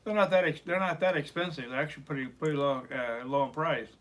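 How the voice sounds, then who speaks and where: A man's voice: fairly high pitch, fast talker, a bit bright. A man co-hosting a casual chat, agreeable and chiming in with short responses. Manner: agreeable, chimes in with short backchannels. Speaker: co-host.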